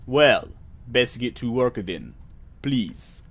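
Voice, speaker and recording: A man doing a cool, slow bureaucratic clerk. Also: mid-range voice, lively intonation, fairly bright tone, heavily acted. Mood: coolly polite. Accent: faux Russian. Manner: slow, polite, deliberate. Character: towering man, eerie bureaucratic clerk, calm.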